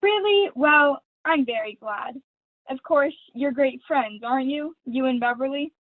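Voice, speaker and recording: This high-pitched, slightly slow voice comes from a teenage student actor reading a school play from home over a video call. She gives a theatrical, honeyed, affected performance as a catty, vain, gushing glamorous actress, and the tinny call audio has no echo.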